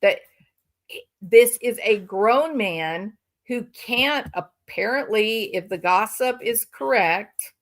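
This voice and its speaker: A woman hosting a livestream, giving emphatic, sarcastic reaction commentary. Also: on the high side. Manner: emphatic and sarcastic, drawn-out phrasing. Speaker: livestream host.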